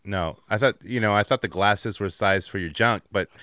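A man's voice: fairly low pitch, moderate pace, pushed and bright, clean tone, dry recording, studio quality. A man hosting a casual comedy podcast, taking calls and laughing often. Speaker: podcast host.

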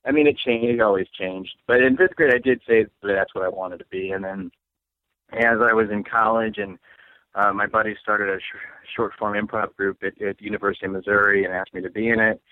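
A man's voice: fairly low pitch, steady tone, fairly quick, dry recording. Rambling comedian man on a tinny line. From St. Louis, USA. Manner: rambling, self-mocking, laughs often. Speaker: comedian guest. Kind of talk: casual chat. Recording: dry, phone-like line.

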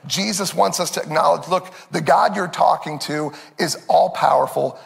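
A male pastor preaching a sermon in a conversational, animated way, laughing often. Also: a little high, moderate pace, creaky, few pauses. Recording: long reverb.

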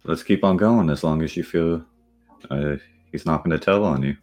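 Man, very deep voice, tabletop player, calm short lines, faint music. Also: normal speed.

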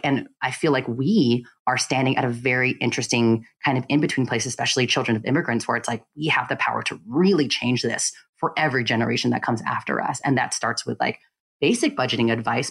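A woman with a strikingly low-pitched voice talks through her story in a relaxed interview. She tells it with animated energy and slips into quoted voices along the way. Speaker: podcast guest. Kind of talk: casual interview talk.

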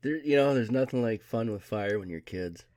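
A man's voice: medium pitch, moderate pace, a little mellow, no room sound. A man co-hosting a podcast, telling stories in a laid-back casual chat with dry humor and frequent swearing. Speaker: podcast co-host.

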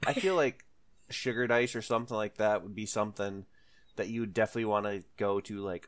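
A man's voice: lowish voice, a little fast. A man co-hosting a podcast in casual chat, rambling and swearing, acting out quotes in silly voices. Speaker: podcast co-host.

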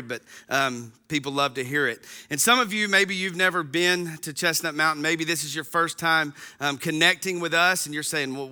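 A man's voice: on the high side, bright, forceful tone, smooth. A man in his thirties giving a casual, folksy sermon as a pastor to an online congregation, chatty with frequent ums.

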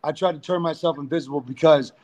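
A man's voice: on the high side, fast talker. A man, a pro wrestler guest, telling crude, profane backstage stories in a casual interview. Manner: profane, animated storyteller.

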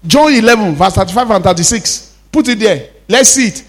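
A pastor preaches in a high, light voice, calling out to the congregation for responses and repeating key lines for emphasis. He talks in a way that moves between quick bursts and slow, drawn-out phrases. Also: lively intonation. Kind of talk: sermon.

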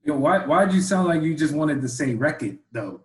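A man co-hosting a podcast in casual chat, loud and teasing, talking over a video call. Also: a little high, animated, normal speed, roomy sound, low-quality recording. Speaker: podcast co-host.

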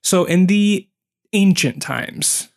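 A man's voice: high-pitched, takes it slowly, creaky. A man co-hosting a podcast, casually telling folklore stories from his notes to his co-host. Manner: storytelling, explaining folklore from notes.

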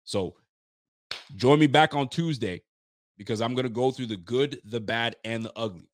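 A man's voice: medium pitch, normal speed, no room sound, clean studio sound. Blunt, frustrated man ranting on a podcast. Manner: frustrated, blunt, swears freely, reads viewer comments. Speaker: podcast host. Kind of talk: live fan podcast rant.

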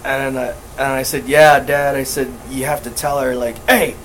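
A man co-hosts a podcast, telling stories in a relaxed, casual chat, swearing often and laughing as he goes. His voice is medium-pitched and fairly bright with a steady tone, at a normal speed with few pauses. The recording is rough, with slight background noise.

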